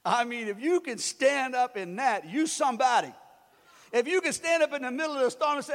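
High-voiced preacher in an echoing hall. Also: male voice, brisk. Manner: animated, swings loud and soft, acts out voices. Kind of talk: sermon. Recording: long reverb of a large hall.

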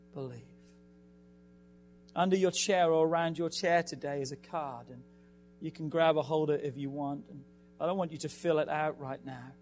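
A man preaching a sermon as pastor in a church, building to emphatic, impassioned peaks. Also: a little high. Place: church sanctuary.

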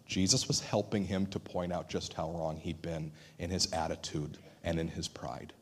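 A man preaching a sermon in an earnest manner, dropping to a hushed voice for emphasis and acting out quoted dialogue. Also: low voice, steady tone, moderate pace, breathy edge. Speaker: pastor.

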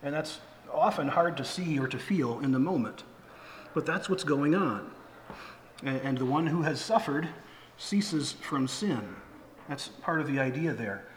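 A middle-aged man preaches a sermon from the pulpit, talking plainly to the congregation with fillers and false starts. His voice sits a bit high for a man. The sound is echoey and roomy, with a long church reverb. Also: lively intonation, measured pace, slight background noise. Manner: conversational preaching with fillers and restarts. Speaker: pastor. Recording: echoey hall with faint ambience.

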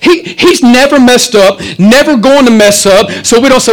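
A man, the pastor, preaching a sermon in a church, swinging between loud, animated stretches and quiet asides. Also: very high-pitched, a little slow, hardly any pauses, poor audio.

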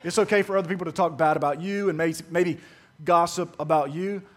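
A man's voice: fairly high pitch, fairly quick. A man preaching a sermon as pastor, telling stories with acted-out dialogue and asking the congregation questions. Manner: animated storytelling, acts out dialogue, asks the congregation questions. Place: church sanctuary.

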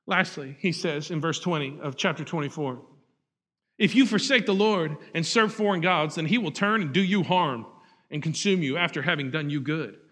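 A man in his thirties, a pastor preaching an animated sermon that swings from loud to hushed. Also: on the high side, moderate pace, long reverb tail.

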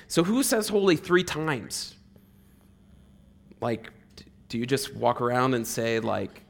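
Man, preacher, casual sermon, middle-pitched voice, chatty with "like" fillers, louder on repeated words. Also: lively intonation, moderate pace. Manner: conversational, fillers like "like", swells loud on repeated words. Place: church hall.

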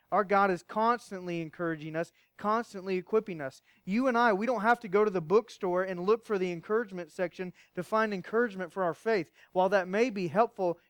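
Clear-voiced man preaching emphatically. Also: high-pitched, dry recording. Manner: emphatic preaching, rising and falling in intensity, rhetorical questions. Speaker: pastor. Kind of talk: sermon.

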